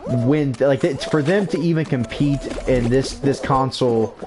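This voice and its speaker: A man's voice: medium pitch, a little slow, background noise. Rambling male livestream host. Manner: rambling, repeats words and restarts. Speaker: streamer host. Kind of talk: casual livestream chat.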